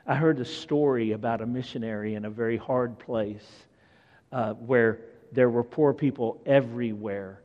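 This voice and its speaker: A man preaching a sermon, telling the story in an animated way and acting out the scenes. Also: medium pitch, moderate pace, big-room sound, narrow, tinny audio.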